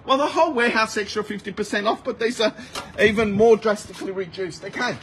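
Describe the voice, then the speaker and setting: A man's voice: high voice, a bit bright. A man hosting a live shopping stream outdoors at a warehouse sale, rattling off prices and talking to viewers. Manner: rapid price-calling, chatty with viewers. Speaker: livestream sale host. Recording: noisy outdoor phone recording with wind.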